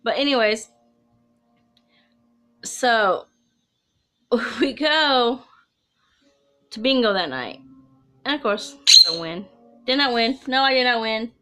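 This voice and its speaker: A woman's voice: fairly high pitch, fairly bright tone, clean tone. A woman telling her own ghost story to camera in a casual, chatty way, rambling with asides and restarts. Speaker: storyteller of personal ghost stories.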